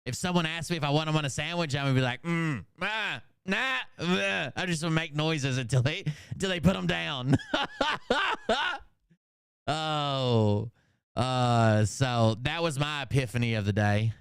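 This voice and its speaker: This Southern-accented livestream host, a man in his thirties, speaks at medium pitch and a moderate pace with a clean tone. His commentary wanders loosely, packed with jokes and plenty of swearing, captured in a dry, clean studio recording.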